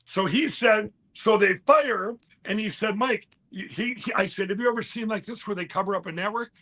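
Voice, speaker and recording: A man with a high voice tells a story as an interview guest. His tone is bright and forceful, and he rambles animatedly, breaking off to quote others and restarting his sentences. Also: moderate pace.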